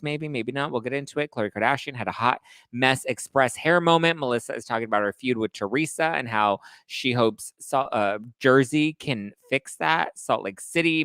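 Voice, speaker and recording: A man hosting a live reality TV gossip show, recapping in a casual, animated, slang-heavy way. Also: medium pitch, no room sound. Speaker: host of a reality TV gossip livestream and podcast. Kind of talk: casual chatty pop-culture recap.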